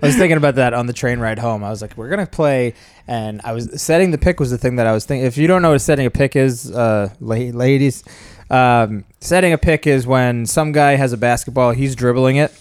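A man's voice: medium pitch, a little fast, clean tone, dry recording, studio quality. A man co-hosting a casual podcast, rambling and self-deprecating and laughing often. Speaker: podcast co-host. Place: home studio in New York. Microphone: portable recorder.

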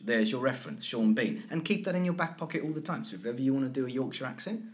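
A man of middle pitch talks through work as a coach in a relaxed interview. He explains steadily, dropping quick strings of agreement between points. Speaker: accent and dialect coach. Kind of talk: casual interview talk.

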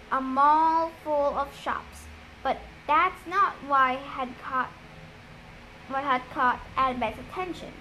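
Woman reading a novel aloud, high voice, slow pace, faint background hiss. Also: sharp tone, low-quality recording. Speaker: reader. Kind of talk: audiobook-style reading of a novel.

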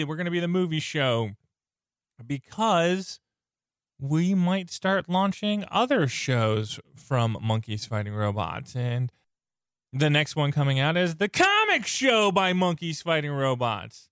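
A man's voice: a little high, animated, a little slow, a bit bright, smooth, no room sound, studio quality. A man hosting a podcast while sick, his voice strained, rambling enthusiastically with a lozenge in his mouth. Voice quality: sounds like something in his mouth. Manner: rambling, enthusiastic, self-interrupting. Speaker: podcast host. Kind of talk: casual podcast chat. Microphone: close podcast mic.

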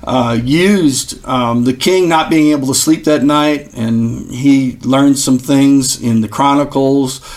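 A man's voice: mid-range voice, slow, few pauses, a little mellow. A man hosting a podcast who speaks in an earnest, exhorting, preaching style, with frequent fillers. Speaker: podcast host.

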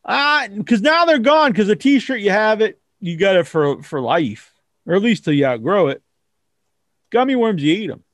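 A man hosting a casual wrestling talk show, rambling and profane, acting out kids in squeaky voices. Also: animated, normal speed, a bit bright, dry recording. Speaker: host.

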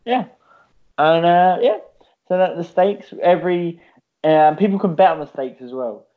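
Man, rambling casual chat, frequent swearing, somewhat high pitch, dull lo-fi sound. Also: unhurried.

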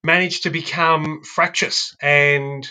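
A man guesting on a casual podcast, picking his words hesitantly and restarting often. His voice is bright and fairly high. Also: fairly even intonation, slow. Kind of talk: casual chat.

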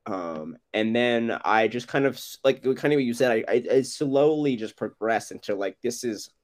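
A man's voice: medium pitch, expressive, moderate pace. Laid-back young man chatting about movies. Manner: laid-back, laughs often, many fillers and restarts. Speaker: podcast co-host. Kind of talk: casual movie chat.

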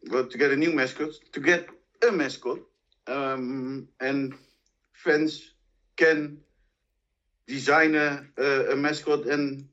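A man's voice: fairly high pitch, fairly bright tone, dull audio. A man co-hosting a podcast, hesitant with many fillers. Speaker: podcast co-host. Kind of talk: casual podcast chat.

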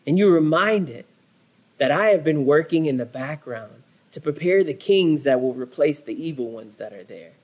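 A man's voice: a little high, a little mellow, poor audio. Earnest, dramatic male preacher. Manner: earnest, dramatic storytelling with emphatic repetition. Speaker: pastor. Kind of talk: sermon. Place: church.

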